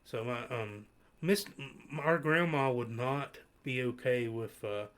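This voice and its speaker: A man hosting a podcast in casual chat, telling stories in a rambling, animated way with many restarts. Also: medium pitch, takes it slowly. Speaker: podcast host.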